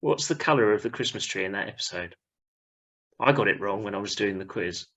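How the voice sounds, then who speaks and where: A man hosting a casual podcast over a video call, with a bright, forceful tone and a pitch that moves a lot. He keeps the chat moving and passes the turn to the others. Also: a little fast. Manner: lively, steers the conversation. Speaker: podcast host.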